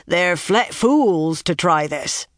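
A reader voicing a gruff, grim one-eyed male soldier who growls, talks bluntly and keeps biting back his curses. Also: medium pitch, animated, slow pace, fairly bright tone, dry recording, clean studio sound. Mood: grudging.

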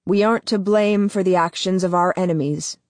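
A woman reading the lines of a guarded young man in a flat, neutral way. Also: lowish voice, a little fast, no echo, lightly acted. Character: guarded young man, drained, emotionally closed off.

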